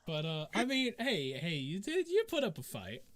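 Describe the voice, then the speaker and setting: A man's voice: high-pitched, wildly swooping pitch, moderate pace, fairly bright tone. A man running a tabletop game as game master, hesitant and filled with ums and uhs. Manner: hesitant, many fillers, laughs often.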